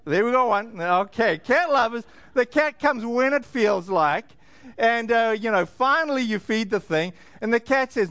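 A man with a high-pitched voice preaching a sermon in an easy, joking manner. He drops in frequent fillers and slows down on key words. The sound is dry and close, with no room echo. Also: lively intonation, fairly bright tone, clear, resonant tone. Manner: conversational and joking, with frequent fillers and slowed emphasis. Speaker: pastor.

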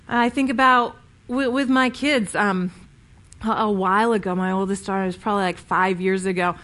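A woman's voice: medium pitch, steady tone, moderate pace, a bit bright. A woman preaching a sermon in a conversational, storytelling way, often restarting her sentences.

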